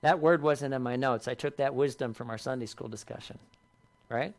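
Homem pregando um sermão com ênfase sincera. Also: male voice, mid-range voice, normal speed. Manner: earnest, rising in emphasis and dropping softly on key lines. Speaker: pastor. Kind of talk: sermon.

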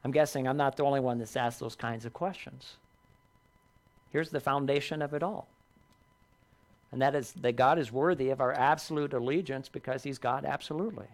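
A man preaching a sermon, earnest, lifting his voice for emphasis and dropping low on key lines. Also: normal speed. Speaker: pastor.

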